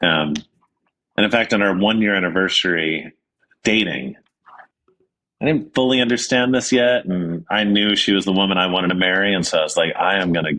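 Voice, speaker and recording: A man with a low, deep voice talks through a personal anecdote as an interview guest. He is earnest and loose, dropping ums and restarting sentences as he goes. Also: normal speed, sharp tone. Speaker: guest, author. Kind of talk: conversational interview storytelling.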